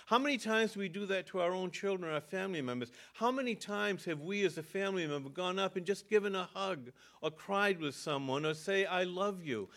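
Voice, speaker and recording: An older man, a pastor, telling a personal story in an earnest sermon with halting restarts. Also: high voice, fairly bright tone.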